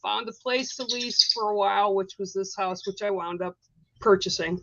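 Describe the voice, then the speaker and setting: A woman's voice: mid-range voice, steady tone, moderate pace, sharp tone, highs cut off, a little hiss or hum. A woman hosting a spiritual live stream, telling a personal story in a casual, rambling way with lots of fillers. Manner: chatty, rambling, many fillers.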